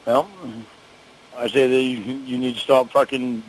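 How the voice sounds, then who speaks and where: A man's voice: medium pitch, level tone, unhurried, slight background noise, rough recording. A man in a heated phone argument, defensive and accusing, swearing often. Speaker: caller on a prank three-way call.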